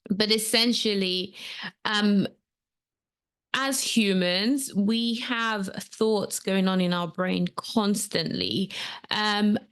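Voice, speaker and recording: A woman's voice: mid-range voice, drawn-out words, a bit bright, smooth. A woman hosting a solo coaching podcast, talking casually with frequent ums and rambling asides. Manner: chatty, rambling, with many ums. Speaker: podcast host and transformational coach. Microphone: camera setup at home.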